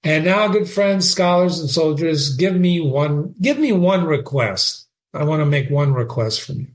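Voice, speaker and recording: Intense, bitter young prince, read by a man in an unhurried, sing-song way. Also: fairly high pitch, lively intonation. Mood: earnest. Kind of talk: dramatic reading of a play.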